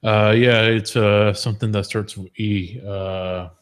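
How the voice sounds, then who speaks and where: A man with a low voice hosts a casual live stream. He talks loosely, laughing often, doubling up on words and swearing freely as he goes. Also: fairly even intonation, measured pace, clear, resonant tone. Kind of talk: casual political chat.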